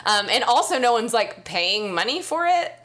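A woman's voice: on the high side, sing-song, moderate pace, a bit bright. A young adult woman co-hosting a podcast, slightly nasal, chatting and laughing often. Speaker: podcast co-host. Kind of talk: casual chat.

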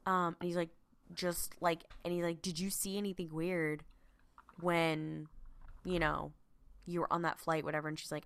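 A woman's voice: low-pitched, little pitch movement, gravelly, pushed and bright, smooth. A woman co-hosting a podcast, chatting casually as she recaps a TV episode, swearing freely and acting out lines from the scenes. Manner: quick, swearing, acts out quoted lines. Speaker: podcast co-host.

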